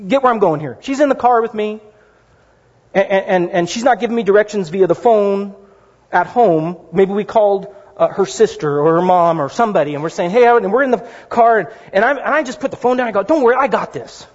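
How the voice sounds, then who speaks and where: Husky high-voiced pastor in a hall. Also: male voice, brisk. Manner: conversational, animated storytelling with asides. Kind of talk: sermon. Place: church sanctuary. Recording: dull lo-fi sound in a reverberant hall.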